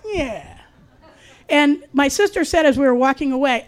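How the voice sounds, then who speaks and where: High-voiced woman telling a wry story. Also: moderate pace. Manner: wry, conversational, deadpan asides. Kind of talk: personal storytelling.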